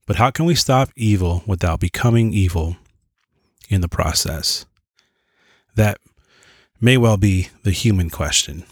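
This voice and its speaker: A man's voice: low-pitched, a little slow, pauses often, husky, dry recording, clean studio sound. A man teaching a Bible lesson, reading from notes in an earnest way, sometimes stumbling and correcting himself, with casual asides.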